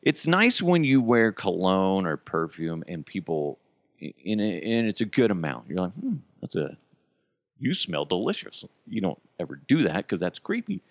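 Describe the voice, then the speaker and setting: Deep, sing-song, and marked by vocal fry, a middle-aged podcast host talks at a moderate pace with no echo. He vents casually and with exasperation about everyday annoyances, cursing freely and chuckling as he goes.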